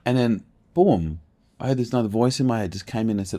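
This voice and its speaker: A middle-aged man, a podcast guest telling a personal story candidly, animated and emphatic, swearing freely. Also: lowish voice, quick pace. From Australia.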